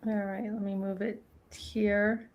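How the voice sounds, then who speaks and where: A woman's voice: medium pitch, little pitch movement, slow, darkish tone, lo-fi sound. A woman hosting a casual livestream, chatting with guests, laughing often and reading documents aloud. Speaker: livestream host.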